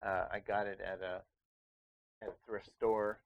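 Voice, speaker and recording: Gravelly-voiced man chatting about board games. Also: fairly low pitch, level tone, measured pace, narrow, tinny audio. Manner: chatty, rambling with frequent restarts. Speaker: board game reviewer. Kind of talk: casual chat.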